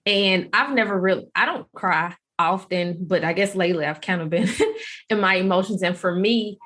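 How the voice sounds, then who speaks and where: A woman's voice: lowish voice, normal speed, a bit bright. A woman hosting a podcast interview, talking in an effusive, gushing and candid way. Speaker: podcast host. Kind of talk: casual interview talk.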